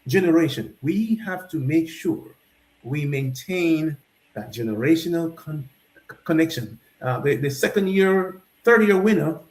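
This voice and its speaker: A talk show features a Jamaican festival founder whose voice sits noticeably high. He speaks unhurriedly but with animation, spinning his answers as stories and often beginning sentences again, all echoing around the room.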